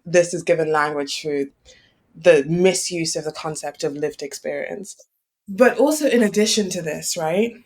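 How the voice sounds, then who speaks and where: A woman co-hosting a political podcast discussion, speaking in a measured, analytical way and often checking in with "right?". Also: low-pitched, darkish tone. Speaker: podcast co-host.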